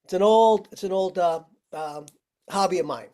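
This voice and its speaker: Mellow-voiced man teaching on a video call. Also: high voice, normal speed, clean tone. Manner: friendly, demonstrating simple tricks step by step. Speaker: firefighting instructor. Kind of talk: virtual training lesson.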